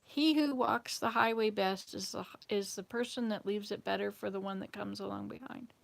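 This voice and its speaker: A woman voicing a wise, generous king in a spoken fable, speaking slowly and solemnly. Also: medium pitch, gravelly, no echo. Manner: slow, solemn pronouncement.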